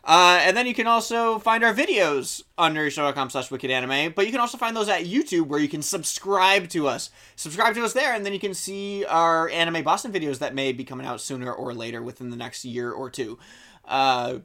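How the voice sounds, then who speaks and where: A man's voice: fairly high pitch, fairly quick, pushed and bright. A young man co-hosting a podcast in casual chat, upbeat and chatty, laughing often. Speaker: podcast co-host.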